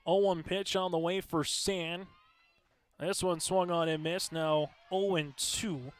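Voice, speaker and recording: High-voiced man calling softball play-by-play. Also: takes it slowly. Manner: steady, conversational play-calling with stat rundowns. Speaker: play-by-play announcer. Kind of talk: live sports commentary.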